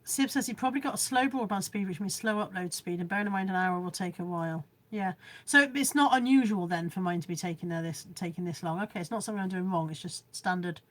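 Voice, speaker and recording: A woman's voice: on the low side, fast, few pauses. A woman vlogging live from home, reading out viewer comments in a rambling, chatty way and joking about how little she knows about technology.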